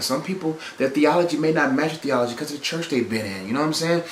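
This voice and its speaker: A man's voice: on the high side, quick pace, few pauses, echoey room, a little hiss or hum. A man hosting a podcast, giving emphatic, repetitive relationship advice in a preacher-like way. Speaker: podcast host. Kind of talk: preachy motivational relationship talk.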